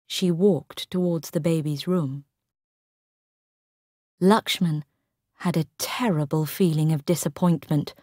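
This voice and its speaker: A woman narrating a short story for English learners, careful and clear. Her voice sits somewhat low and her pace is very slow and deliberate. The sound is dry and close. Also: darkish tone, no room sound.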